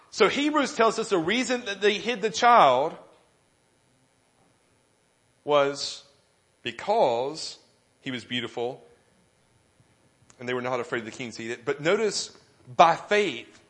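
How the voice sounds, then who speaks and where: A male pastor preaching with a slightly higher-than-average voice. He tells a funny story with self-deprecating humor and acts out the other people's lines with animation. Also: fairly bright tone. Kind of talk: sermon.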